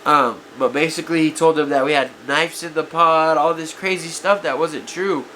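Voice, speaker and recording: A man vlogger looks back on his past in a casual, confessional way, regretful and self-critical, constantly calling his viewers "guys" and saying "you know" a lot. Allergies leave his voice a bit off; it sits a little high, steady and sharp at a normal speed, with slight background noise.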